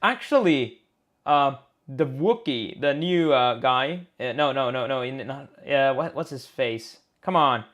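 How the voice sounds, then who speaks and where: A man's voice: medium pitch, lively intonation, measured pace, fairly bright tone, slight background noise. A man co-hosting a live game design stream, chatting in a rambling, playful way and searching for words aloud. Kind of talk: casual chat.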